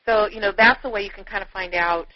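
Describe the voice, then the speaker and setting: A woman's voice: mid-range voice, quick pace. Effusive woman author on a dull line. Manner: animated, effusive, lots of "you know" fillers. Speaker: author and guest. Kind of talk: chatty interview storytelling. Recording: dull, dry lo-fi radio audio.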